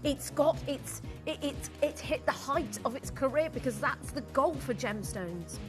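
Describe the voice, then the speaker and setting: A woman hosts a live shopping broadcast from a studio. Her voice is high and bright, and she speaks in an excitable, upbeat way. Faint music plays underneath. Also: measured pace. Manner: upbeat, excitable, counting down stock. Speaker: shopping channel presenter.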